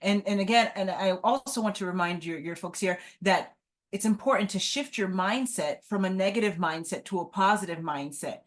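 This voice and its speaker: A woman's voice: mid-range voice, normal speed. A woman guest on an interview podcast, talking earnestly and often adding "right?" to her points. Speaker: guest, entrepreneur. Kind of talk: casual interview talk.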